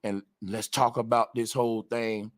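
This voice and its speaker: A man's voice: lowish voice, little pitch movement, normal speed. A man hosting a call-in livestream, directing callers in a bossy, casual, slangy way. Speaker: host.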